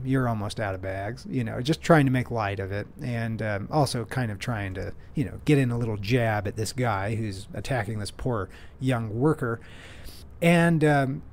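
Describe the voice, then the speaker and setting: A man's voice: medium pitch, a little mellow. A man hosting his own podcast, telling stories in a rambling, self-deprecating way with lots of fillers. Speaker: podcast host. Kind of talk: casual solo monologue.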